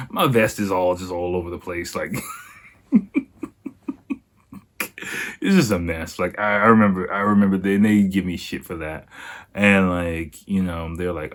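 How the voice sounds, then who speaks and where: A man's voice: deep voice, steady tone, unhurried. A young man hosting a podcast, telling a story casually, laughing often and acting out quotes. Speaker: podcast host.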